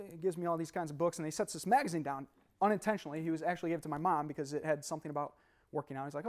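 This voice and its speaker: A young man speaking live to an audience as a motivational speaker, animated and laughing, often throwing questions at the room. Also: on the high side, very fast. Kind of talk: live seminar talk to an audience.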